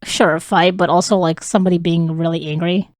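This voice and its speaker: A woman's voice: on the low side, level tone, fairly quick, dry recording, studio quality. A woman co-hosting a podcast, telling stories in casual chat and giggling often. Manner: giggly, laughs through her stories. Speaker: podcast co-host.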